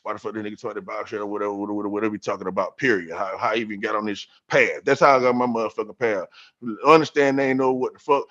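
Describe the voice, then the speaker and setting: A man on a podcast telling a story about scripture in a casual, profane, streetwise way, getting animated and repeating himself. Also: lowish voice, very fast. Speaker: podcast guest. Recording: dull lo-fi sound.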